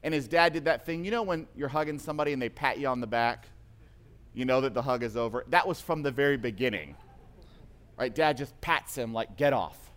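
A man's voice: mid-range voice, a little fast, a bit bright. A man giving a sermon, retelling a story at length and acting out the voices of the people in it. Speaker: preacher.

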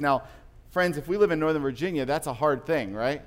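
Guy preaching, chatty storytelling, gets emphatic, medium pitch. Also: normal speed. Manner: conversational storytelling, rising to emphatic passages. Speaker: pastor. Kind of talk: sermon.

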